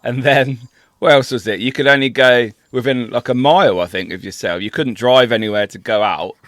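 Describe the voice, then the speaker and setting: A man's voice: mid-range voice, a little fast, a bit bright, no room sound. A man co-hosting a podcast, asking friendly questions and laughing often in casual chat. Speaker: podcast co-host.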